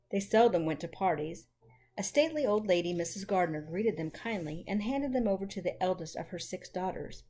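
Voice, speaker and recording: A woman narrating a classic children's novel as a gentle, unhurried storybook reading with mild character voices. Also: fairly low pitch. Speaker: audiobook narrator.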